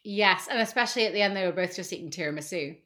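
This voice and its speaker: Woman, podcast co-host, casual chat, lower voice, bright and forceful tone. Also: very fast. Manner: chatty, self-deprecating, opinionated.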